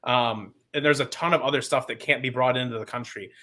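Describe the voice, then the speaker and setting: A man's voice: mid-range voice, steady tone, fairly quick, sharp tone. A man on a podcast as a guest, talking in an impassioned, rambling and sarcastic way. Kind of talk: casual podcast chat.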